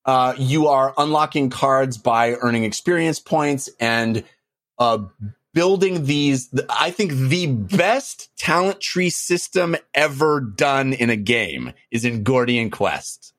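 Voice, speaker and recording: A man's voice: mid-range voice, slow pace, fairly bright tone, no echo, studio quality. A man hosting a podcast, talking enthusiastically and rambling a bit, with lots of fillers. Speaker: podcast host. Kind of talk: casual podcast chat.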